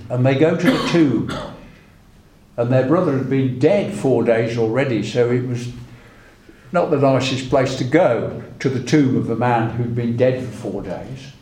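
A man delivers a sermon at an unhurried, deliberate pace, retelling scripture like a story and quoting old verses. His voice sits in a middle register. The recording carries a noticeable room echo. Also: mid-range voice, animated, darkish tone. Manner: measured, storytelling, reads old scripture aloud. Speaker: preacher.

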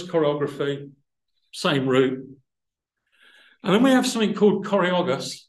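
A man's voice: a little high, echoey room, rough recording. A man preaching a sermon, explaining word roots thoughtfully and building to emphatic passages.

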